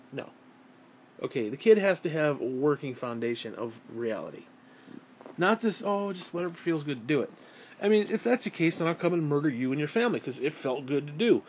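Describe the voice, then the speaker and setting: A man's voice: a little high, a little mellow, breathy edge. Crass, foul-mouthed ranting man. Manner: crass, blunt, swears constantly. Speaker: vlogger. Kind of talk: profane rant to camera. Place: lying down at home.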